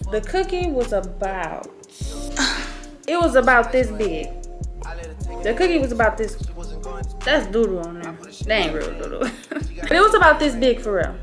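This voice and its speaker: A young woman in her early twenties tells a story to camera with a high voice that swoops all over. Her talk is loose, slangy and profane. Music plays clearly under her. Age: early 20s. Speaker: vlogger. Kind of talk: casual storytelling.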